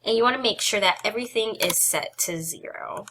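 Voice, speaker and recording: A young woman hosting a casual software tutorial. She is chatty and giggly, with self-deprecating asides, and sounds slightly out of breath. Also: medium pitch, a little fast, noisy background. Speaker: photography tutorial host.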